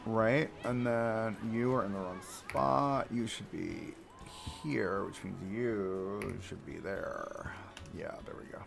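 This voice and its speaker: A man's voice: fairly low pitch, takes it slowly, creaky. A young man chatting casually to a live audience while building in a game, talking to himself, joking and grumbling at the controls. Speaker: streamer building a theme park live. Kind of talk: casual live-stream commentary.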